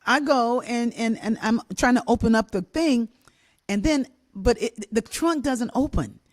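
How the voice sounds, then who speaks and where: An older woman telling a childhood story on a talk show, animated and laughing, acting out the voices of the people in it. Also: on the high side, measured pace. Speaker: co-host and musician.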